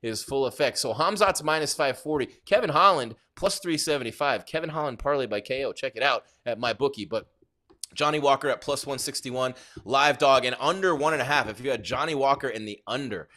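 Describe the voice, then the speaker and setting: A man hosting a live fight-night stream, chatting casually and shouting out viewers in the chat. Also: medium pitch, brisk. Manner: hyped, rambling, shouting out viewers. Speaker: livestream host.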